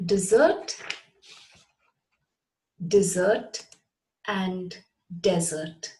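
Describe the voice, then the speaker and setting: A woman's voice: fairly low pitch, drawn-out words, mellow, rough recording. A woman teaching a lesson, speaking carefully and spelling words out letter by letter. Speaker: English teacher. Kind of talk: scripted English lesson.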